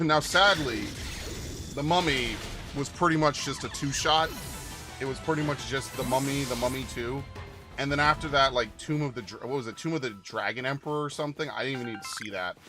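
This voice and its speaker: Young man, casual gameplay commentary, rambling, swears a lot, average pitch, clear game music underneath. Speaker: gaming channel host.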